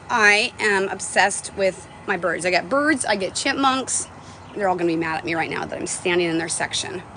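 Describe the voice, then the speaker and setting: A woman's voice: on the high side, a bit bright, a little hiss or hum. A woman in her forties chatting casually on a livestream from her phone, rambling and emotional, with casual swearing. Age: 40s. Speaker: livestream host. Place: home, stepping outdoors to a bird feeder.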